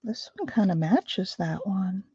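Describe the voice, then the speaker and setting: A woman's voice: mid-range voice, lively intonation, a little slow, dark tone, slightly rough, dry recording, dull audio. A woman hosting a craft livestream, chatting casually with viewers and thinking aloud as she works. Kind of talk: casual chat while crafting.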